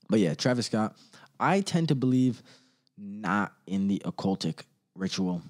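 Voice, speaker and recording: A man ranting casually on his own, rambling and profane, laughing often and quickly mimicking others. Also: on the low side, lively intonation. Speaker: solo commentator.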